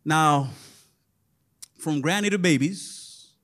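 A male pastor delivering a lively sermon, sing-song and chuckling often, calling out to the congregation. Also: fairly high pitch, slow pace.

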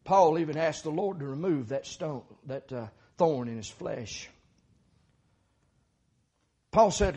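A middle-aged man preaching a sermon, moving from quiet talk to fervent shouting. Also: fairly high pitch, lively intonation, takes it slowly, pauses often, breathy edge.

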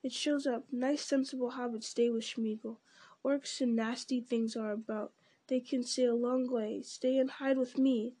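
A woman's voice: on the high side, fairly even intonation, moderate pace, warm tone, close to an everyday voice. Woman putting on a sly, hungry creature. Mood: furtive. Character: wretched creeping male creature, sly and hungry.

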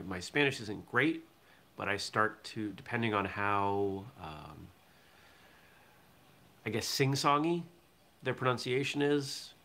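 A man from southern Maine hosting a casual morning live show, chatting easily and reading out viewer comments. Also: fairly low pitch. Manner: relaxed, chatty, reads viewer comments aloud. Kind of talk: casual live-stream chat.

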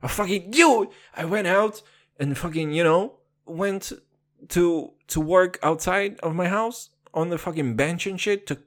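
A man who is not a native English speaker, hosting a comedic podcast monologue in a profane, playful mock-gangster swagger, sometimes dropping into a put-on deep voice. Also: unhurried. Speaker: podcast host.

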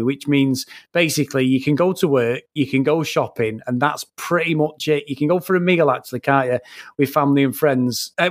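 A man, co-hosting a casual film review podcast, talking in an animated, sweary, rambling way. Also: fairly high pitch, no room sound, studio quality. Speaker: podcast co-host.

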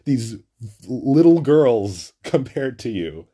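Mellow-voiced New guy ranting. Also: lowish voice, lively intonation, a little slow. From Flatbush, Brooklyn. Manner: profane, rambling, heavy use of "like". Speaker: podcast host. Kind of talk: casual storytelling monologue.

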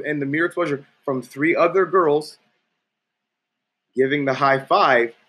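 A man's voice: on the high side, fairly bright tone, slightly rough. A man giving a profane, emphatic coaching talk, acting out quoted people in different voices. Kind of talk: coaching talk with acted-out anecdotes.

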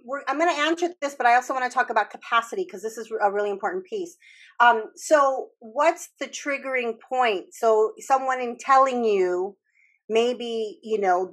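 A woman's voice: fairly high pitch, lively intonation, normal speed, a bit bright. A woman hosting a casual talk, explaining earnestly with frequent restarts and the odd swear word. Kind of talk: casual podcast chat about trauma healing.

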